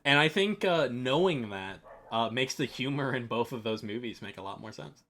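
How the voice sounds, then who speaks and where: A man with a middle-pitched voice, talking casually with friends on a podcast. He sounds laid-back and jokes around, swearing now and then. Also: expressive, normal speed, fairly bright tone. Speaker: podcast cohost. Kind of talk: casual chat.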